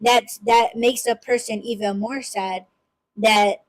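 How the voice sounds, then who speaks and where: A woman's voice: a little high, fairly even intonation, takes it slowly, poor audio. A woman hosting a casual podcast chat, talking emphatically with frequent restarts and swearing. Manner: emphatic, swearing freely, many repeated restarts. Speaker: podcast host.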